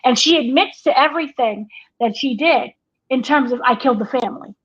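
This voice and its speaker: A woman with a high, slightly quick voice that's a bit bright and husky co-hosts a laid-back TV review chat. She's an entertainment editor who talks things through conversationally and acts out quotes from the show. The audio is dull and lo-fi.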